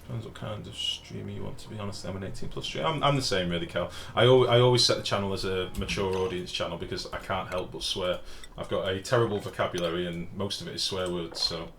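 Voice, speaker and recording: A man's voice: sits low, fast talker, gravelly, few pauses, a bit bright, slight background noise. A man, streaming a game live and chatting casually while reading out chat messages and swearing freely.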